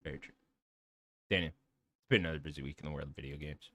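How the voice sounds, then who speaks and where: A man's voice: a bass voice, fast, no echo. A man co-hosting a podcast, chatting casually and telling stories with lots of laughter and swearing. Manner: animated, laughing, swearing storyteller. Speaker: podcast co-host. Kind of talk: casual chat.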